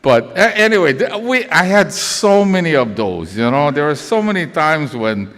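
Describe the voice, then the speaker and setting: An older man telling a lively, chuckling memorial story in a church, acting out the voices as he goes. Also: fairly high pitch, normal speed. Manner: animated, chuckling storyteller who acts out voices. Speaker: eulogy speaker, former fellow band teacher. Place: church sanctuary. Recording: echoey church hall.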